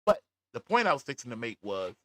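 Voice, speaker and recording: Animated man reading chat on a stream. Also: medium pitch, no room sound. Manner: animated, laughing, drawn-out emphasis. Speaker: livestream commentary host. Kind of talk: casual commentary reading live chat. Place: at home, smoking a cigar.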